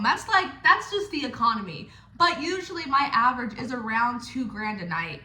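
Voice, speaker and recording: A woman's voice: fairly high pitch, expressive, normal speed, few pauses, bright, forceful tone. A young woman giving casual, blunt and playful advice to other dancers, swearing freely. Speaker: stripper coaching other dancers. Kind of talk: casual direct-to-camera advice. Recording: echoey room.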